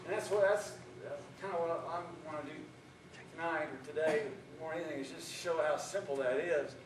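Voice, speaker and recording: Middle-aged man, martial arts instructor, folksy joking teacher, slightly high voice, heard from far off in an echoey hall, noisy. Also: brisk. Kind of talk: self-defense seminar demonstration.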